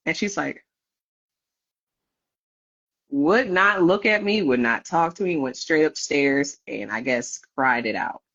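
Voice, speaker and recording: Woman guest telling her story, lots of laughs, voice swoops all over, lowish, kinda dull lo-fi audio. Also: slow, long pauses. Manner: lively, laughing, acts out voices of others. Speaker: podcast guest. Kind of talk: candid storytelling interview.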